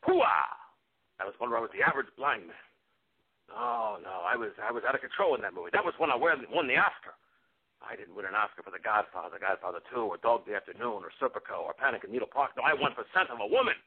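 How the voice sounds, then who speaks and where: A man impersonating an excitable aging male movie star, with a husky voice that erupts into shouted exclamations. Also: mid-range voice, quick pace. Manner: bursts into sudden shouted exclamations. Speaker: guest impressionist. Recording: tinny phone line.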